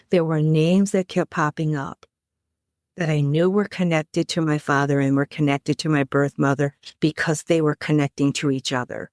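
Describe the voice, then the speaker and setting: Low-voiced middle-aged woman telling her story. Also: a little mellow, no echo, clean studio sound. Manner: earnest, emphatic recounting with vivid detail. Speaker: podcast guest. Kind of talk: personal storytelling in conversation.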